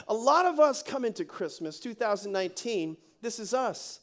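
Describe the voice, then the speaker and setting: High-voiced, animated male preacher. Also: normal speed, hardly any pauses. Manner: animated, joking, conversational preaching. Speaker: pastor. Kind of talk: sermon.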